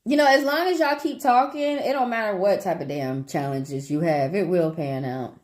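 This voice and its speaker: A woman's voice: on the low side, normal speed, hardly any pauses, darkish tone. A woman with a Southern accent, chatting casually with viewers on a livestream as a tarot reader, talking freely, swearing and laughing often.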